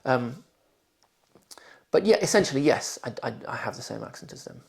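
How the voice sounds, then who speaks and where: Gravelly posh English man in his forties. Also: mid-range voice, animated, moderate pace, a little mellow. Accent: posh southern English. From London, England. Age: 40s. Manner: careful, clearly pronounced speech. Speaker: interviewee. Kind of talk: reading test passages, then interview answers.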